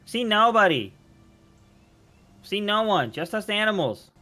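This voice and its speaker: A man squeaking as a greedy little raccoon. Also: very animated, unhurried, sharp tone, soft background music, full character voice. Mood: flat, casual. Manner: high squeaky pleading, repeats itself. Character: greedy chittering raccoon, small, pushy.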